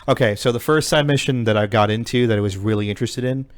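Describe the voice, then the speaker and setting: A man's voice: mid-range voice, quick pace, dry recording. Man, podcast co-host, casual profane storytelling, dry recording. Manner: rambling, profane storytelling retelling a game. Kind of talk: casual chat.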